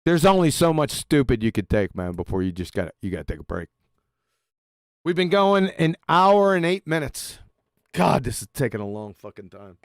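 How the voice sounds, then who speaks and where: A man hosting a livestream, giving crude, mocking commentary on a clip he plays and shouting in outbursts. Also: mid-range voice, sing-song, moderate pace, no room sound, studio quality. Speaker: livestream host.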